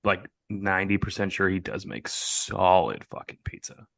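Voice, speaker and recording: A young man on a podcast, co-hosting and swearing freely as he tells animated stories in casual chat. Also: deep voice, moderate pace, creaky, no room sound. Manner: profane, animated storyteller. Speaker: podcast co-host.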